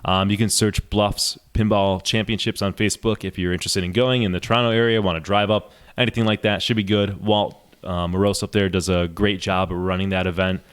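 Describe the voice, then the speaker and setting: Casting note: low-voiced male podcast co-host, animated storyteller. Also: fairly quick, hardly any pauses, clean tone. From New York State. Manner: animated storyteller, laughs through his stories. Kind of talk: casual podcast chat.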